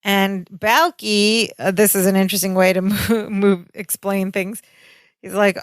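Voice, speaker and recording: A woman's voice: mid-range voice, little pitch movement, unhurried, no room sound. A woman co-hosting a podcast, recounting scenes in a chatty way with fillers and quoted lines. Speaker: podcast co-host. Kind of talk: casual chat recapping a sitcom episode.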